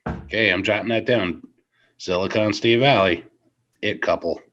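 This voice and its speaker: A man's voice: lowish voice, moderate pace, fairly bright tone, muffled recording. A man co-hosting a wrestling podcast in casual chat, with a wry, sarcastic delivery. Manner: wry, sarcastic, frequent laughter.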